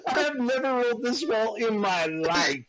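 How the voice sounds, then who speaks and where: Slow-talking high-voiced man player. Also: animated, heavy background noise. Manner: joking, laughing. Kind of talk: casual tabletop game play.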